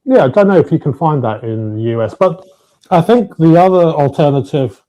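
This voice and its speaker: Speaking brisk and animated in a slightly high, mellow voice, this UK guest on a watch talk show chats casually over video. He explains wine tasting notes, often restarting and leaning on fillers.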